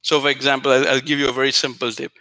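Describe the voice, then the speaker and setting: A man hosting a spiritual show, giving an earnest, repetitive teaching talk addressed straight to a viewer, now and then softly chanting phrases. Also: mid-range voice, flat delivery, racing.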